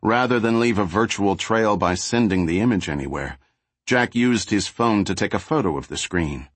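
Low, husky male audiobook narrator. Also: moderate pace, no echo. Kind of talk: scripted narration.

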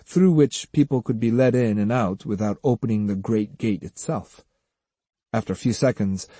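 A man narrating an audiobook in a measured storytelling manner. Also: medium pitch, dark tone, dry recording. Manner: measured storytelling, many voices. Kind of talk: scripted narration.

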